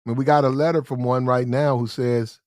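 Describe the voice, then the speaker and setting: Speaking fairly quickly with fairly even intonation, a US commentary show host offers blunt, slangy opinions and restates his points for emphasis. His mid-range male voice is a little mellow, and the recording is dry and studio quality.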